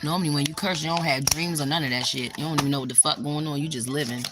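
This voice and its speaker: Heavy background noise surrounds a deep, fairly even female voice speaking at a quick pace. The speaker is a young spiritual vlogger chatting casually on a livestream and reacting to live chat comments. She's blunt and profane, with outbursts of loud exclamation.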